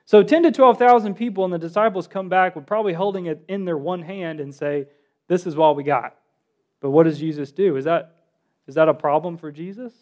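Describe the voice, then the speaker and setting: A man preaching a sermon, animated, asking his listeners questions and acting out the quotes he reads. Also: high voice, fairly quick. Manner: animated, asks the congregation questions, acts out quotes.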